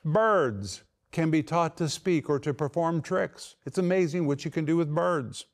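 Emphatic male preacher, higher voice. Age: middle-aged. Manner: emphatic, slows right down on key words. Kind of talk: sermon.

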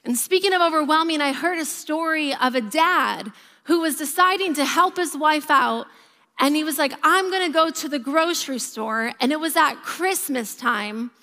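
A woman in her thirties, a pastor giving a sermon and telling stories with a lively, varying pace. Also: sits high, normal speed. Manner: lively storytelling, varied pace. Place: church auditorium. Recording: reverberant church hall.

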